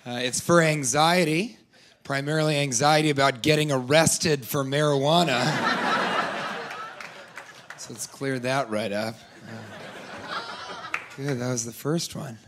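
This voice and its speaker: A man doing a stand-up comedy set, deadpan with rambling asides, audience laughing. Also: mid-range voice, a little slow, pauses often, very noisy.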